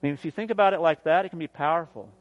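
Male pastor, 30s, preaching, slightly high voice, emphatic swings loud to soft. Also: rapid-fire, phone-quality sound. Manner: emphatic preaching, rising to near shouts then dropping soft; repeats "guess what" and laughs at his own jokes. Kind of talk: sermon.

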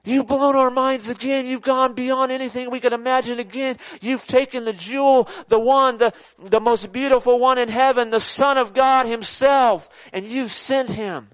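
A preacher voicing a crowd of awestruck angels who shout their praise in a high, overwhelmed voice. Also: male voice, fairly even intonation, normal speed, few pauses, no room sound.

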